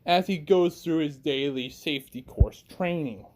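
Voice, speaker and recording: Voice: mid-range voice, normal speed, darkish tone. A young adult fan narrator casually telling a story, chatty and laughing at their own tale.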